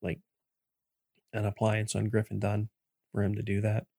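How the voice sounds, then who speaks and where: Relaxed guy on a film podcast, kinda gravelly, dry close mic. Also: fairly low pitch, moderate pace, dry recording. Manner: relaxed, paraphrases scenes in acted voices. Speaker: podcast co-host. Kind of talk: casual film discussion.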